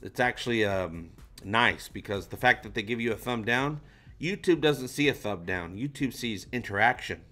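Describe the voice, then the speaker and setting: A man's voice: lowish voice, animated, moderate pace, pushed and bright. A man hosting a livestream, chatting loosely and reading out viewer comments, with casual swearing. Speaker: livestream host.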